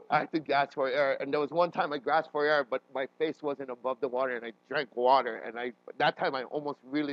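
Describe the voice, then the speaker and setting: A man preaching a sermon as a pastor, animated and often checking in with his listeners, with frequent restarts and fillers. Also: medium pitch, no room sound, muffled recording.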